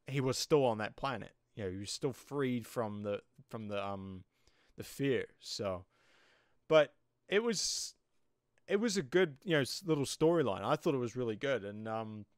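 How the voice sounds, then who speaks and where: A TV show reviewer with a New Zealand accent gives a casual, rambling episode review packed with "you know" fillers. His medium-pitched voice is animated at normal speed, recorded clean in a studio with no echo.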